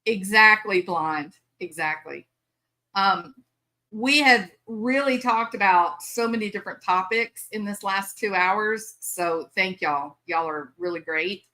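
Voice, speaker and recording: An older woman chats away on a live stream, bubbly and quick to laugh. Her voice is bright and forward, and her pitch sits in the middle. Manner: bubbly, chatty, laughs often, drawls y'all. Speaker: livestream host. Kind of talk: casual live-stream chat.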